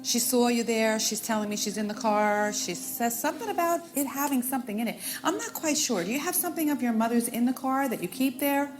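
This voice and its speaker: A woman's voice: a little high, fairly quick, hardly any pauses, music in the background. A woman working as a stage medium, addressing audience members one by one and calling them sweetheart and honey. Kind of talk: live audience reading.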